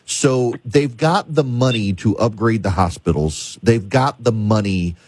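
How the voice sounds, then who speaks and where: Husky-voiced man commentating. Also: fairly low pitch, unhurried, no room sound. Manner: emphatic, lists and repetitions, frequent restarts. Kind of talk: opinionated political monologue.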